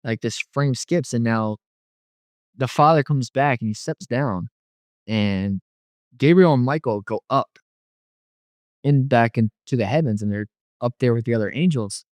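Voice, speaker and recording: A man's voice: medium pitch, unhurried, pauses often, a little mellow, no echo. A man telling his near-death experience in casual testimony, rambling with many "like" fillers and quoting what was said to him.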